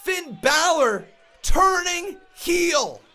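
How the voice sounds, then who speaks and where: Excitable man, very high-pitched, shouting wildly on a live reaction stream, music faint behind. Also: very slow. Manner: excitable, shouting, frantic exclamations. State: shaking with excitement.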